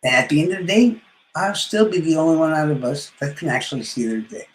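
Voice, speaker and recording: A man's voice: fairly high pitch, lively intonation, fast talker, roomy sound, slight background noise, poor audio. A man trash-talking rivals on a live stream, boastful and profane, his words often trailing off into mumbles. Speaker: livestreamer.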